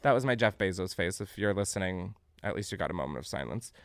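Young male podcast host, sarcastic and foul-mouthed, pitch jumping all over, dry close sound. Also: quick pace, vocal fry, dry recording. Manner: animated, sarcastic, swears freely, breaks into laughter. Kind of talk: casual comedic news chat.

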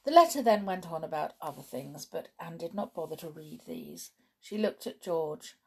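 A woman reading a children's book aloud in measured storybook narration. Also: sits low, lively intonation, creaky, husky. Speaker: audiobook narrator.

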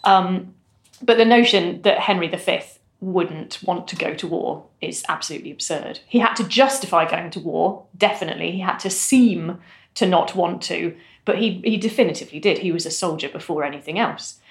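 A woman with a somewhat low voice explains history in a lively, articulate way and uses fillers now and then. Her voice carries a roomy echo. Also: normal speed, creaky. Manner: animated, articulate, frequent fillers. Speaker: historian guest. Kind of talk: casual discussion.

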